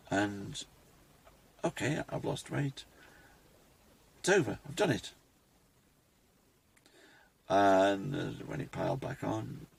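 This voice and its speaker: Slow, gravelly-voiced man. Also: fairly low pitch, a little hiss or hum. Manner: reflective, halting, with many restarts. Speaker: vlogger. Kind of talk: rambling personal vlog. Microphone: phone camera.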